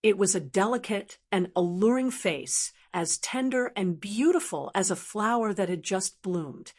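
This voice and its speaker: A woman narrating a martial arts novel audiobook in a steady, even storytelling manner. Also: mid-range voice, a little slow. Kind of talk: scripted narration.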